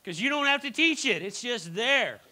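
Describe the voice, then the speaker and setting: A man's voice: very high voice, lively intonation, moderate pace, bright, forceful tone. A middle-aged man preaching a sermon in a church, telling personal stories in a chatty way with frequent restarts and stammers. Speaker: pastor.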